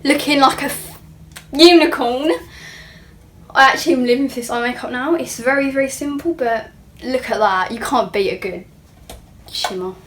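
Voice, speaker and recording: A woman's voice: fairly high pitch, brisk, fairly bright tone. A young woman vlogger talking through a makeup tutorial in a chatty, self-mocking way, sometimes dropping to a near-whisper. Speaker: beauty vlogger. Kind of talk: casual makeup tutorial chat.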